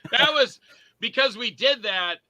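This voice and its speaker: A man who is a guest on a podcast, casually telling animated anecdotes and acting out the voices of people he quotes. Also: very high voice, unhurried, dry recording, rough recording. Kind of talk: casual podcast chat, storytelling.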